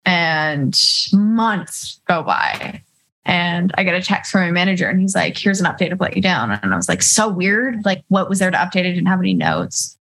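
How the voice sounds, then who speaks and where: A woman's voice: fairly low pitch, big pitch swings, moderate pace, fairly bright tone, rough recording. A young woman, a musician being interviewed, telling stories in casual chat full of "like" and quoted asides. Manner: bubbly, storytelling with lots of "like" and quoted asides. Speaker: musician guest.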